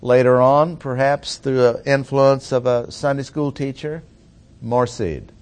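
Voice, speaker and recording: In an expository sermon, a man works through scripture verse by verse with a medium-pitched voice. His delivery is deliberate and emphatic, slowing sharply on phrases he wants to drive home.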